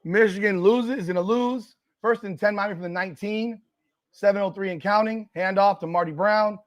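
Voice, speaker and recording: A man hosting a live watch party, reacting loudly and profanely to a football game and arguing with the chat. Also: sits high, normal speed. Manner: excitable, profane, argues with chat and the broadcast.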